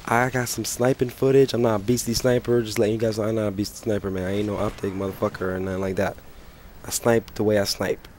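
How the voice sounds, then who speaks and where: A young man with a sick, hoarse voice, ranting and swearing through casual gameplay commentary. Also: on the low side, flat delivery, quick pace, darkish tone, slight background noise. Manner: profane, ranting, frustrated. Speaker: gaming channel host.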